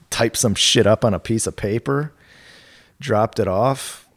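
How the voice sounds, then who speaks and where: A man speaking as a podcast guest, telling stories in a relaxed, candid way. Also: fairly low pitch, a little slow, gravelly, breathy edge. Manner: relaxed and candid, with mild swearing and laughs. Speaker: guest, golf equipment territory manager. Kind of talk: casual storytelling.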